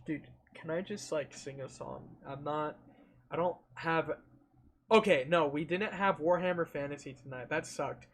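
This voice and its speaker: A man's voice: high-pitched, fairly even intonation, a little slow, fairly bright tone. A man chatting casually on a livestream, rambling and thinking aloud, trailing off mid-sentence and humming between thoughts. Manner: hums and scats between thoughts.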